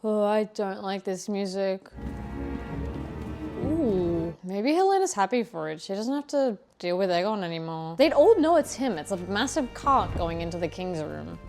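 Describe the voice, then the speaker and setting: A young woman hosting a reaction video, chatting casually and excitedly, often gasping and exclaiming. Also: mid-range voice, measured pace, pauses often, over music.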